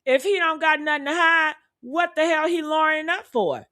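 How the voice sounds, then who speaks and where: A woman's voice: high-pitched, lively intonation, moderate pace, sharp tone. A woman giving reaction commentary in an emphatic, repetitive way, calling listeners honey and baby. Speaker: commentary creator.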